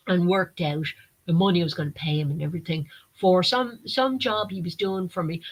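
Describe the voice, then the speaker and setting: A woman frankly telling personal stories, briskly mimicking people she quotes. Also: medium pitch, low-quality recording. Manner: frank, animated, quick to mimic others. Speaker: vlogger. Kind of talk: candid personal storytelling.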